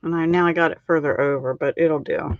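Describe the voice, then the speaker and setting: A woman's voice: deep voice, fairly even intonation, a little fast, no room sound. A middle-aged woman hosting a card-making live stream, chatting casually and laughing at her own slips. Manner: chatty, self-deprecating, laughs often. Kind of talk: casual crafting demo chat. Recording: dull lo-fi sound.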